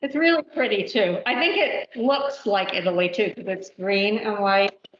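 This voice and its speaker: A woman leads a live cooking demonstration in a store's demo kitchen, talking casually and thinking out loud with many fillers. Her voice sounds roomy and slightly muffled, like lo-fi livestream audio. Faint background noise sits underneath. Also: mid-range voice, moderate pace. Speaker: cooking instructor.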